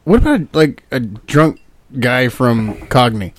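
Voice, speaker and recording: Man co-host, casual, restless phrasing, swinging pitch. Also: very animated, slight background noise. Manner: steers the segment, restarts and quick asides. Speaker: podcast co-host. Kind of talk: casual banter.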